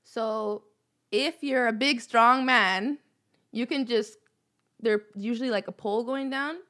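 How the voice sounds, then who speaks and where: A woman's voice: a little high, unhurried, sharp tone. A woman in her twenties from Los Angeles, a rapper being interviewed, talking casually and animatedly, laughing often and swearing freely. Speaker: rapper guest.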